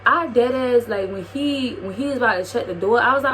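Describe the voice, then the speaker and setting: A young woman vlogger telling a casual storytime tale, lively and slangy, acting out the quotes. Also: high-pitched, fairly quick, hardly any pauses, slight background noise.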